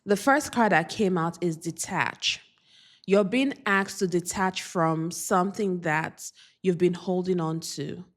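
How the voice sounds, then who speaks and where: Woman reading oracle cards, slow earnest affirmations, lowish voice. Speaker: spiritual card reader. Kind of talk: oracle card reading to camera.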